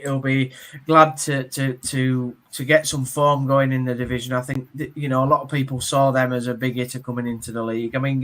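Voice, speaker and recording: A man's voice: medium pitch, pushed and bright. A man with a Yorkshire accent hosting a football show, reading results and chatting casually. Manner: rapid, halting with fillers and restarts.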